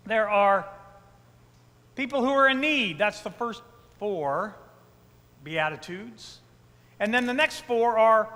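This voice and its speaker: A man's voice: high-pitched, bright, forceful tone. A male pastor preaching a conversational sermon, checking in with the congregation and repeating key phrases for emphasis. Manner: conversational, frequent "right?" asides to the congregation; emphatic repetitions. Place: church sanctuary. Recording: long church reverb.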